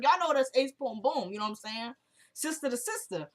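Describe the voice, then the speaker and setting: A woman's voice: high voice, lively intonation, fairly quick. A woman recapping a TV episode in casual chat, emphatic and repeating herself as she retells scenes.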